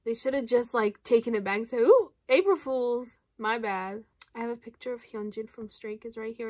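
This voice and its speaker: A young woman from Canada chats about makeup in a casual, playful vlog, reacting with animated exaggeration. Her voice sits a little high, and the sound is close and dry with no room echo. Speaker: beauty vlogger.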